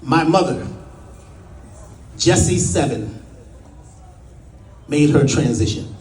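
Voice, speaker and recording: A middle-aged man with a high voice that swings widely as he tells a story in a folksy, dramatic way. He stretches out his pauses for effect. His voice sits back from the mic in an echoey room. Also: expressive, darkish tone, recorded from a distance, slight background noise. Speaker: spiritual speaker. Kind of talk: personal storytelling talk.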